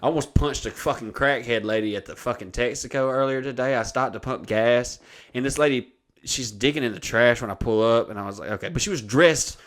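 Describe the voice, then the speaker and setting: A man's voice: medium pitch, a little fast, a bit bright. A man, hosting a podcast and telling a crude, rambling story in casual chat. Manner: profane, rambling anecdote-telling. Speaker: podcast host.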